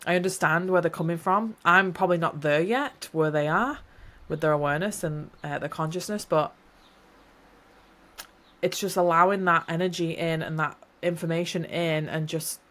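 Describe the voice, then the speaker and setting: A woman's voice: on the low side, fairly even intonation, normal speed, a bit bright. A woman hosting a solo podcast, talking in a reflective, encouraging, rambling way and often correcting herself mid-sentence. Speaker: podcast host.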